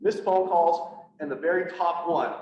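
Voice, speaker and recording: A man's voice: a little high, measured pace, darkish tone. Man telling a raw personal story. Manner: candid, blunt, acts out quoted dialogue. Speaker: public speaker, police officer. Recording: echoey, distant, slightly dull, faint hiss.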